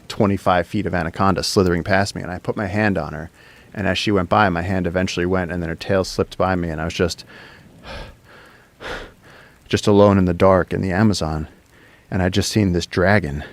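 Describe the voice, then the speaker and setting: A man guesting on a podcast, telling an adventure story in an excitable, rambling way, dropping to a whisper when he quotes people. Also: deep voice, gravelly. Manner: excitable, drops to whispers for quoted speech, lots of fillers. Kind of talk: animated storytelling in conversation. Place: podcast studio.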